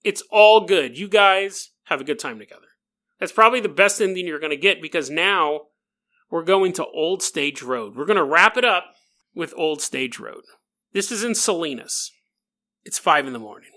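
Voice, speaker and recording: A man's voice: fairly high pitch, bright, forceful tone. Man spinning a spooky tale, jokey. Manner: jokey, laughing asides, talks straight to the listener. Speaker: podcast host. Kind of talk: comic paranormal storytelling.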